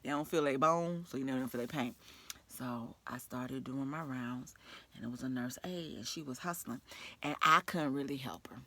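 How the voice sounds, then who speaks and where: A woman with a New York accent, a nurse telling an animated, profane story from work with frequent laughter. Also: rumbling low, moderate pace. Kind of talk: storytime vlog.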